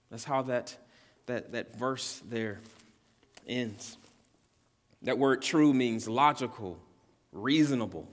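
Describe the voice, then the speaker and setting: A pastor preaching a sermon with earnest emphasis, repeating key words and rising in pitch and volume at his climactic points. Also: darkish tone. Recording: long hall reverb.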